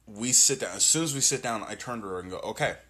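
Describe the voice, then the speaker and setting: A young man co-hosting a podcast, chatting casually, animated, swearing and laughing often. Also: fairly low pitch, fast. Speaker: podcast co-host. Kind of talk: casual chat.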